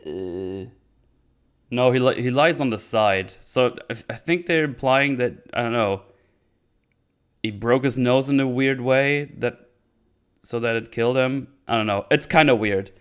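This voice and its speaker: A man's voice: mid-range voice, measured pace, clear, resonant tone. A man giving casual livestream commentary on a TV show, rambling and hesitant as he thinks aloud. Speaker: streamer reviewing a TV show.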